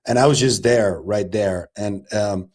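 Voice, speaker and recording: Male podcast host, low-ish voice, laid-back and curious. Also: a little slow. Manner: relaxed, curious, swears casually. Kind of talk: casual chat.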